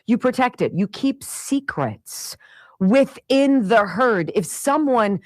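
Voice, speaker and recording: Lively middle-aged woman radio host. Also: a little high, slow, dry recording. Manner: animated, exasperated, acting out family dialogue. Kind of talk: storytelling monologue.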